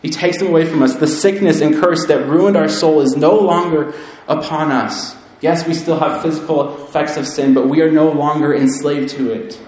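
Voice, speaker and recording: A man's voice: steady tone, normal speed, darkish tone. Male preacher, earnest and solemn, strong room echo. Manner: earnest, builds to fervent emphasis, then drops low and solemn. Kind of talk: sermon. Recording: very echoey room.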